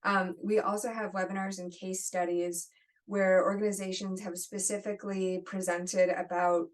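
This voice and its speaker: A woman's voice: medium pitch, flat delivery, normal speed. A woman moderating an online webinar, answering audience questions in a friendly conversational way over a video call. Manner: conversational, friendly, apologetic asides. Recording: distant mic.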